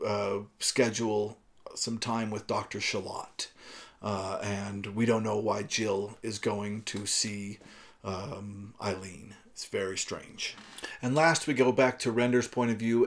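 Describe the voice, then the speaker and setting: Low-voiced man talking through a book. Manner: loose and conversational, frequent fillers and restarts. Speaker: book reviewer. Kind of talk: casual book discussion monologue.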